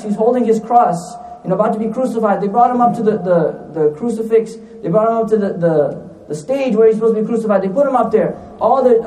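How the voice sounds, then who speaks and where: A man delivers a sermon in a very high, mellow voice, speaking quickly, repeating himself and throwing out rhetorical questions. He mixes in recited Arabic phrases. The sound comes from a distance in an echoey room. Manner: repeats lines for emphasis, asks rhetorical questions. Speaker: preacher.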